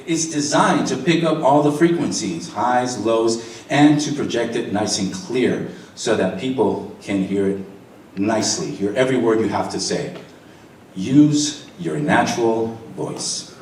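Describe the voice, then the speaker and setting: A middle-aged man, a radio DJ, giving a lively seminar talk on microphone use and acting out voices for the audience. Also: fairly high pitch, moderate pace. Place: seminar room. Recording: echoey room, voice from far off.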